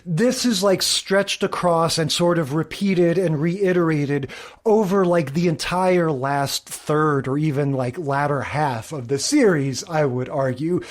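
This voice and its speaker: A man's voice: fairly high pitch, measured pace. A man co-hosting a podcast, casually recapping a sitcom episode and retelling scenes with quoted lines. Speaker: podcast co-host. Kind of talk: casual chat.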